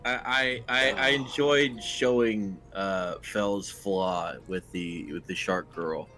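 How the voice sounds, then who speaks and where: A man chatting casually as a game player, animated and crude. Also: on the low side, slow pace, soft background music. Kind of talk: casual chat.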